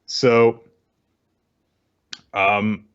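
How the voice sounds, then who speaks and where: Deep-voiced man with lively, dull-sounding speech. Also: extremely slow, clear, resonant tone. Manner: blunt, exasperated critique. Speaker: podcast co-host. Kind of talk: casual chat reviewing comics.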